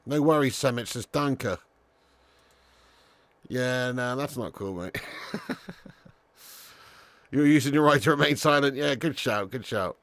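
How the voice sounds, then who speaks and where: Male watch-along host, mid pitch, casual sweary chat, dry close sound. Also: slow, long pauses, a bit bright, dry recording. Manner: casual and chatty, swears, calls viewers lad. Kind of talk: live football watch-along commentary, reading chat.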